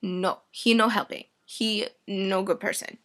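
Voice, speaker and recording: A woman's voice: mid-range voice, steady tone, unhurried, a bit bright, lightly acted. A woman voicing a blunt man who accuses in choppy, broken grammar. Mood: accusing.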